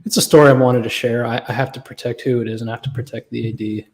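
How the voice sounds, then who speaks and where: Man telling a lively story. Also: mid-range voice, racing. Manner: animated, acts out other people's lines. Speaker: guest. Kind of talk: casual storytelling on a livestream.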